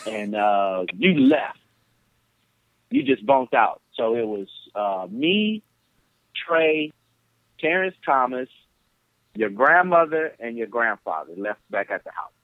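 A man from Flint, Michigan, telling stories as a podcast guest over the phone, animated and acting out the people in them. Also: mid-range voice, takes it slowly, long pauses, no room sound. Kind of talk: casual storytelling on a podcast. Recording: tinny phone line.

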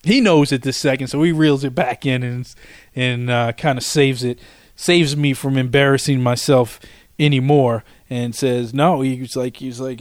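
A man's voice: medium pitch, normal speed, no room sound, studio quality. A man hosting a solo podcast, telling a rambling story with lots of restarts and asides. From Washington, D.C. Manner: rambling, repeats himself, animated storyteller. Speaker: podcast host.

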